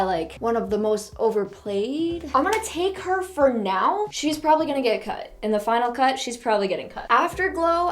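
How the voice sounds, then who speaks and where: A woman fan who hosts a reaction channel chats excitedly and casually while ranking songs. Her voice is on the high side, and she gushes and rambles, her mood swinging quickly into squeals.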